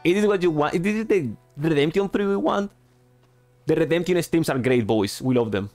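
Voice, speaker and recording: A man with a slightly high voice chats loosely while gaming, speaking English that is not his first language and cracking jokes at his own expense. His low-quality stream mic lets faint music through. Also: lively intonation, moderate pace, a little mellow. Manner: rambling, self-mocking, restarts often. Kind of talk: casual gaming chat. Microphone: gaming microphone with push-to-talk.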